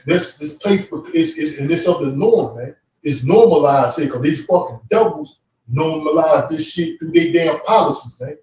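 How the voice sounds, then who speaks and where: A man with a somewhat high voice tears into a heated, profane religious rant as co-host. He sits some distance from the microphone in a strongly echoing room. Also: darkish tone, slight background noise. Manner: profane, fiery ranting. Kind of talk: heated religious stream talk. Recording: echoey room, away from the mic.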